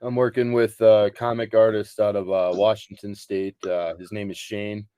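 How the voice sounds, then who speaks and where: A man in a band rambles through an explanation with plenty of filler words. His voice sits low. The recording is dry and close. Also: level tone, moderate pace, warm tone, clean tone, no room sound. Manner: rambling, many ums and uhs. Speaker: band member. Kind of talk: casual interview chat.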